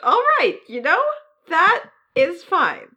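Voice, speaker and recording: A woman's voice: sits high, huge pitch swings, slow pace, sharp tone. A woman co-hosting a podcast in casual chat, talking in a hesitant way with many ums and self-deprecating asides. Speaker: podcast co-host.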